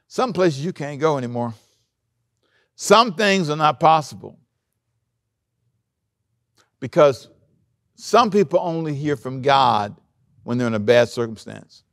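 A male pastor preaching a sermon, animated, acting out the scripture story with big swings in loudness. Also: medium pitch, no room sound, studio quality.

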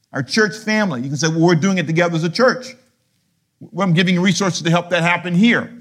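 Middle-aged male pastor, fairly high voice, lively sermon delivery with rhetorical questions. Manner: animated preaching, rhetorical questions; swings from low murmurs to loud high emphasis.

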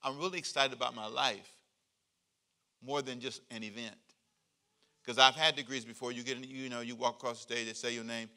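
Forceful, bright-voiced male pastor. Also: medium pitch, brisk, pauses often. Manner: joking, animated, leads call-and-response. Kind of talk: conversational sermon.

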